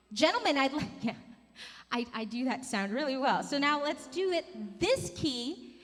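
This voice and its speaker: A woman's voice: high voice, lively intonation, unhurried, fairly bright tone, faint music behind. A woman in her thirties teaching a singing workshop, demonstrating vocal sounds and coaxing the group to join in. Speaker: vocal coach. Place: large conference hall. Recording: long hall reverb.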